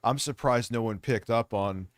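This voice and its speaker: A man's voice: medium pitch, normal speed, clean tone, no echo, studio quality. A man hosting a casual livestream, talking in a rambling, jokey, off-the-cuff way. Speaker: livestream host.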